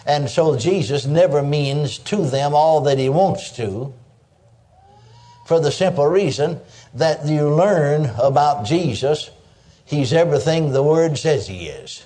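An older man preaches in a homey, animated style, sprinkling praise asides through his points. His voice sits fairly high for a man, with a warm, mellow tone. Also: slow. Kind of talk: sermon.

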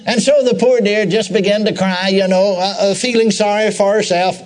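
A man's voice: high-pitched, steady tone, normal speed. A male preacher giving a sermon in a folksy storytelling way, with repeated phrases and asides to the congregation.

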